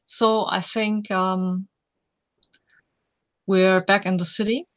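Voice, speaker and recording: A woman's voice: medium pitch, level tone, slow, fairly bright tone. A woman narrating her character's scene in a tabletop story game, casual and slightly hesitant. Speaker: player.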